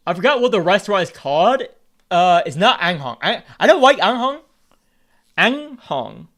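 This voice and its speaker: A man's voice: sits high, big pitch swings, a little fast, fairly bright tone. A Vietnamese American man streaming, rambling in casual chat, repeating words and swearing freely as he talks. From United States.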